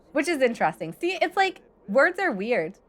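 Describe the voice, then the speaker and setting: A woman's voice: high voice, sing-song, a little slow. A woman chatting casually and rambling on while she livestreams a game and answers viewers' chat. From Canada. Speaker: live streamer.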